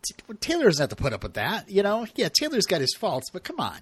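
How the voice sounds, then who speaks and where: A man's voice: sits high, huge pitch swings, fast, slightly rough, no room sound. Laughing man recapping a TV episode. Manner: chatty, laughs often, many fillers. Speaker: podcast co-host.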